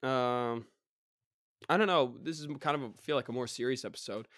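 A hoarse young man talks through a casual solo podcast, his voice worn and partly gone. He rambles from story to story, getting animated as he mocks people. The sound is close and dry, with no room echo. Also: mid-range voice, moderate pace. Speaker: podcast host.

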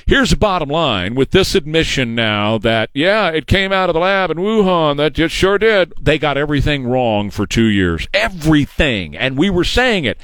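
A sarcastic male talk host. His voice sits a little high and swings widely up and down as he rants. The sound is dry and close, with no room around it. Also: big pitch swings, normal speed, few pauses, fairly bright tone, smooth, no echo. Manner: combative, sarcastic, mocks opponents in put-on voices. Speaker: radio talk show host. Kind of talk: opinionated political monologue.

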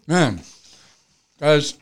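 A man's voice: on the high side, husky. A man hosting a casual livestream chat, joking and swearing while eating. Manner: joking, profane, eats while talking. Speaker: host.

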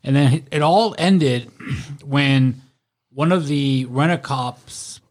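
A man's voice: mid-range voice, slow pace. Profane man telling bar stories. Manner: profane, laughing anecdotes with acted quotes. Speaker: podcast guest, former bouncer. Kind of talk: casual storytelling.

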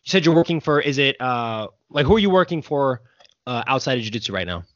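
A man's voice: medium pitch, big pitch swings, fast, a bit bright, no echo, dull audio. A man hosting a podcast in casual chat, chatty and laughing often. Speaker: podcast host.

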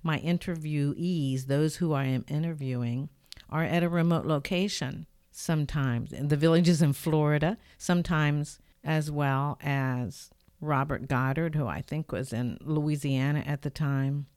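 A woman's voice: low voice, unhurried, smooth, no echo. Older woman telling a story, dry studio sound. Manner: earnest, reflective, lively when retelling events. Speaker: podcast host. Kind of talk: personal storytelling monologue. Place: own home studio. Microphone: studio microphone.

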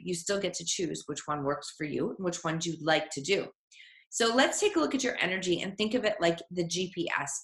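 A woman's voice: on the low side, a bit bright. A woman giving an earnest, encouraging motivational talk as a life coach, sometimes voicing an inner voice. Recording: echoey room.

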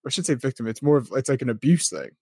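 A podcast co-host in casual chat, blunt and swearing often, breaking in with quick comments. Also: mid-range voice, big pitch swings, darkish tone, husky, no echo.

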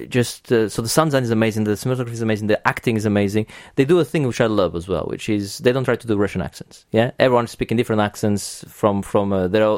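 A man's voice: mid-range voice, darkish tone, no echo, studio quality. A man hosting a podcast in casual chat, talking enthusiastically with many restarts and casual swearing. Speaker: podcast host.

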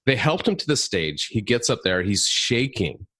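A man chatting as a podcast guest, telling lively stories and laughing often. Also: fairly low pitch, normal speed, breathy edge, dry recording, studio quality. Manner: animated storyteller, laughs often. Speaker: podcast guest, comedy consultant. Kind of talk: casual interview chat.

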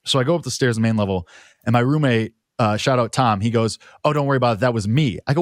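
A man telling a long story in a relaxed, rambling way, stacking filler words as he goes. His voice sits in an ordinary middle range and sounds close and dry, with no room around it. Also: mid-range voice, fast talker, no room sound. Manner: rambling anecdote full of "like" fillers. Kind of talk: casual chat.

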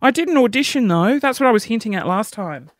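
A man's voice: extremely high pitch, lively intonation, quick pace, no room sound, studio quality. A young man hosting a podcast alone, rambling in a chatty, self-mocking way. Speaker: podcast host. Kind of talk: solo comedic podcast chat.

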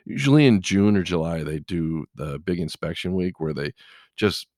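A man's voice: low voice, lively intonation, moderate pace, darkish tone, dry recording, clean studio sound. A middle-aged man, a truck driver, chatting casually and telling rambling stories full of "you know". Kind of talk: casual chat.

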